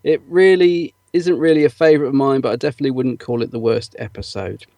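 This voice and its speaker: A man's voice: mid-range voice, fairly even intonation, fast talker, creaky, dark tone, no room sound. A man co-hosting a podcast in a casual chat, reading out listener comments with frequent ums and little laughs. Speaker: podcast co-host.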